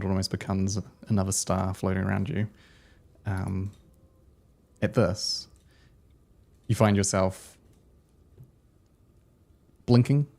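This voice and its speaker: Deep, gravelly game master narrating. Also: male voice, a little mellow. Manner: descriptive narration with frequent ums and likes.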